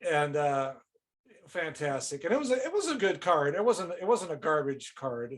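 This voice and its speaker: A man in his fifties hosting a podcast, telling relaxed anecdotes and giving friendly acknowledgements in casual chat. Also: fairly high pitch, moderate pace. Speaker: podcast host.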